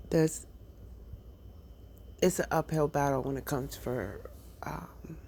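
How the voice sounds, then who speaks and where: A woman's voice: sits low, vocal fry, warm tone, a little hiss or hum. A young adult woman, a mother, casually telling a personal story, hesitant with many fillers and restarts.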